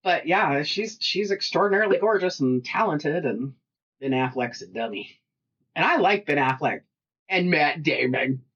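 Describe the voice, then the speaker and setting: A middle-aged woman co-hosting a casual chat, telling animated stories, acting out what people said, and laughing often. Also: deep voice, moderate pace, breathy edge, dull audio. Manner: animated storyteller who acts out quotes and laughs often. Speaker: podcast co-host and shop owner.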